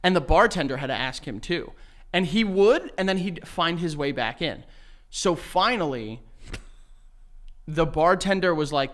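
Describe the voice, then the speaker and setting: A man's voice: on the high side, lively intonation, unhurried, fairly bright tone. A man, telling stories in casual podcast chat and swearing freely. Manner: rambling storytelling, swears freely. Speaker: podcast co-host.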